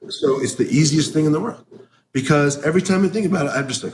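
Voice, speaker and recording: A man's voice: a little high, fast, a little hiss or hum. A man speaking bluntly and with a lot of swearing in a candid interview, talking animatedly.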